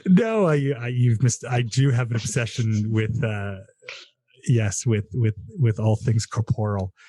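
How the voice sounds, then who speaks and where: A man who is a medical doctor, speaking haltingly in a group conversation. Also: mid-range voice, warm tone, no room sound.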